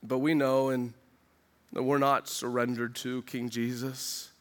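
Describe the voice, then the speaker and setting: A man preaching a sermon as pastor, earnest and urgent, asking the listeners questions and acting out what they might say, dropping low and quiet for emphasis. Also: little pitch movement, a little slow. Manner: earnest preaching with rhetorical questions and quoted voices.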